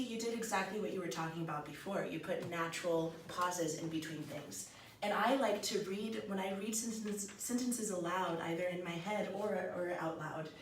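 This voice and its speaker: A young woman teaching a small grammar lesson in a classroom, upbeat and encouraging, talking through examples. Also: medium pitch. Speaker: student teacher leading a small group. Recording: roomy echo, mic far off, faint hiss.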